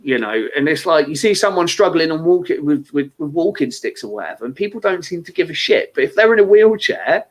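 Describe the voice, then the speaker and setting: A man's voice: a little fast, hardly any pauses. A man chatting on a casual podcast panel, swearing freely and telling stories with lots of energy. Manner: swears freely, animated storytelling with lively pitch swings. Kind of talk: casual banter.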